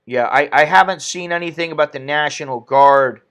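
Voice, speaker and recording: A man's voice: fairly high pitch, normal speed, a bit bright, smooth. A man hosting an opinionated commentary stream, ranting indignantly and reading viewer comments aloud. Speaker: political commentary host.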